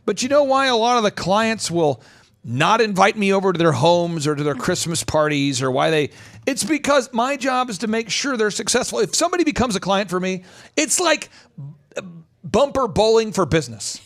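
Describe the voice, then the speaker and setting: A man hosting a business podcast, talking emphatically and firing off rhetorical questions. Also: high voice. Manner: animated, emphatic, rapid-fire rhetorical questions. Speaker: host and business coach. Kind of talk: energetic podcast talk.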